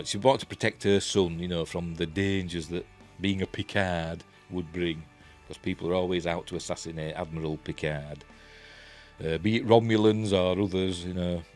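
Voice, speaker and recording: A man with a Yorkshire accent reviewing a TV episode in a rambling, casual way, full of fillers. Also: low voice.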